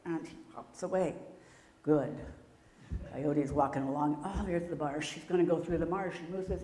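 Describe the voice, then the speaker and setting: A woman telling a children's story at a congregation service, animated and playful, adding sound effects. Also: low voice, a little slow, pauses often, a little hiss or hum. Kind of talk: children's story time narration. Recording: echoey hall with long reverb.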